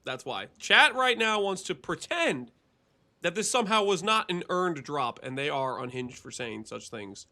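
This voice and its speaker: A man streaming a game live, chatting casually with viewers in an excitable, teasing way and laughing often. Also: fairly high pitch. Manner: excitable, teasing, quick to laugh and banter with chat. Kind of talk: casual live gameplay commentary to chat.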